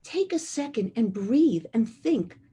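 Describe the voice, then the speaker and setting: A middle-aged woman giving an inspirational talk on relationships, earnest and emphatic, slowing down to repeat key phrases. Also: fairly high pitch, animated, warm tone, slightly rough. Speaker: speaker on relationships.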